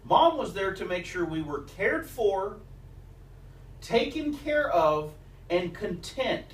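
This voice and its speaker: Man giving a sermon, lively high voice, storytelling, echoey far-off church sound. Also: slow. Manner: storytelling preacher, quoting scripture and mothers' sayings. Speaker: pastor. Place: church sanctuary. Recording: echoey church recorded from a distance.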